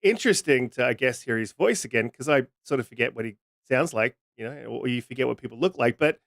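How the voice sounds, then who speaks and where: A man's voice: mid-range voice, expressive, quick pace, gravelly, fairly bright tone, no echo, clean studio sound. A man co-hosting a gaming podcast, rambling and sarcastic, full of "like"s and jokes. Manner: joking, sarcastic, rambling with lots of likes. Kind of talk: casual podcast chat.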